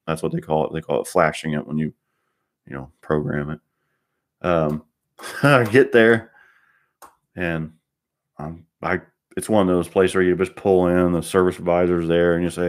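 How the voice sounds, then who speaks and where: A man's voice: sits low, fairly even intonation, fairly quick. A man, a car mechanic, ranting bluntly in a rambling monologue and swearing constantly.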